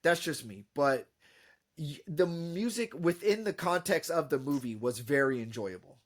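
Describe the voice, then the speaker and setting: A man's voice: on the high side, normal speed. Rambling, critical male podcaster. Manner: rambling, critical, full of fillers and likes. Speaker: podcast co-host reviewing a film. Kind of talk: casual chat.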